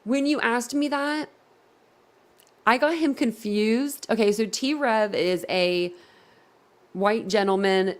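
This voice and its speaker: A woman's voice: on the high side, slow, long pauses. A woman hosting a casual livestream and chatting to her viewers in a giggly, easily flustered way. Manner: giggly and easily flustered, talks straight to the chat. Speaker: livestream host.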